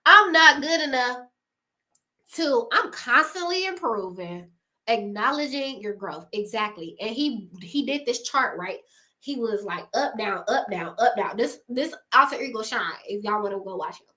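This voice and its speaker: A young woman with a high, bright voice gives a casual motivational talk straight to camera. She speaks with emphasis and slang, laughing often as she drives her points home. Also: animated, moderate pace. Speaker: YouTuber giving advice.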